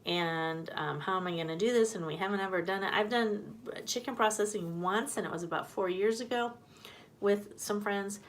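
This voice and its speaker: A woman's voice: mid-range voice, moderate pace. A woman hosting a homesteading live stream, chatting loosely, greeting viewers from the comments and laughing easily. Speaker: homesteading channel host. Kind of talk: casual live-stream chat.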